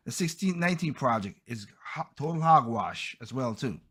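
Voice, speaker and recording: A man's voice: mid-range voice, lively intonation, a little fast, fairly bright tone, breathy edge. A man hosting a podcast, giving heated, blunt opinion commentary and often stumbling over and repeating his words. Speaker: podcast host.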